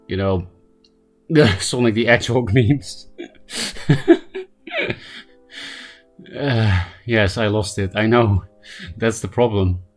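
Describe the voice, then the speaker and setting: A game streamer chatting casually with viewers, self-mocking and repeatedly breaking into helpless laughter. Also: mid-range voice. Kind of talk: casual live-stream chat.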